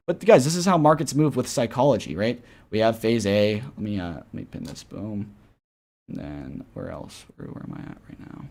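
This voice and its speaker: A man giving casual, rambling chart commentary on a live stream. He keeps repeating "right?" and "guys", and his voice swings between loud and soft. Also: medium pitch. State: tired after a flight. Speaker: crypto trading streamer.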